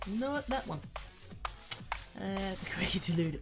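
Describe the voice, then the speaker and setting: An Australian woman livestreaming a game, her voice bouncing lively up and down in pitch. She chats with viewers and curses at the game, with music playing clearly behind her. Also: normal speed. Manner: chatty, swears and mutters while playing. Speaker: streamer. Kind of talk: casual gaming livestream chat.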